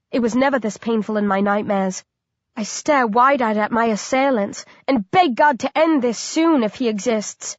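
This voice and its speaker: A woman's voice: fairly high pitch, no echo, highs cut off. A woman reading a first-person horror audiobook in a dramatic, intense manner. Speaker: audiobook narrator.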